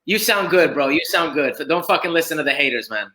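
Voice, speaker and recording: Brief: relaxed male rapper guest, casual chat, fairly high, bright voice. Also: quick pace, low-quality recording. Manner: easygoing, encouraging, says bro and man.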